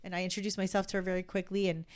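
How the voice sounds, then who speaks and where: A woman in her fifties from New Jersey, a podcast guest telling animated anecdotes, acting out quotes and dropping lots of "like" as she goes. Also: fairly low pitch, very fast, smooth. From New Jersey, USA. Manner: animated, acts out quotes, many fillers of "like". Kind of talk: casual anecdote storytelling.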